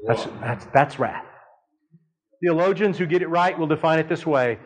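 A man in his fifties is preaching a sermon, telling a family story in an animated way, his voice leaping for dramatic quotes. His pitch sits a little high, he keeps a moderate pace, and the audio is poor.

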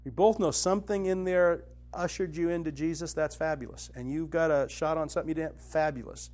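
Earnest storytelling man, slightly high voice. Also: fairly even intonation, brisk. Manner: earnest, storytelling, voice drops low and soft then rises with conviction. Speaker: Christian teacher and author. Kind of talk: conversational spiritual teaching with personal stories.

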